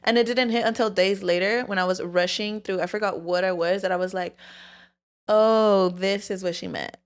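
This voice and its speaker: Young woman co-host, casual candid chat, swears freely, middle-pitched voice. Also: fairly even intonation, moderate pace. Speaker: podcast co-host.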